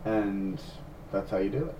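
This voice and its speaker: A man's voice: fairly low pitch, moderate pace, warm tone. A man co-hosting a podcast, casual and wry with sarcastic asides. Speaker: podcast co-host. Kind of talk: casual chat. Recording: dull roomy distant mic with faint noise.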